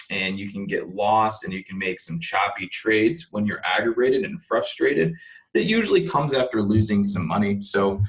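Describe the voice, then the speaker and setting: A young man with a fairly low voice talks through his day's trades like a casual screen-share lesson. He is blunt and self-critical and drops swear words freely as he explains where he went wrong. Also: rough recording. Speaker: day trading educator.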